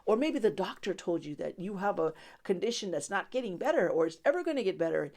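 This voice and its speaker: A woman's voice: mid-range voice, animated, fast talker, darkish tone. A woman hosting a devotional podcast, speaking in a conversational way, with many fillers and frequent laughter. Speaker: podcast host and Bible teacher.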